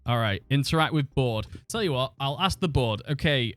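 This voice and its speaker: A man's voice: mid-range voice, a little fast, few pauses, no echo, faint music behind. A man chatting and thinking aloud as he streams a football management game, swearing now and then. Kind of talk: casual live-stream commentary.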